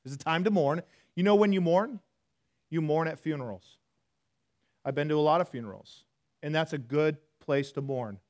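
A man preaching a sermon in a church, talking to the congregation conversationally, self-deprecating, swinging from hushed to loud. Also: on the high side, normal speed, long pauses. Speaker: pastor.

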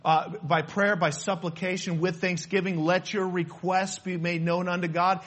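A man preaching a sermon in an emphatic, animated way, repeating his key phrases. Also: high voice, moderate pace.

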